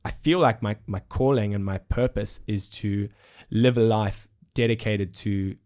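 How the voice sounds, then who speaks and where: A young South African musician, in his twenties, is a guest in a casual interview, speaking in a lowish, a little mellow voice at a measured pace with fairly even intonation. He's earnest and reflective, with frequent fillers and restarts.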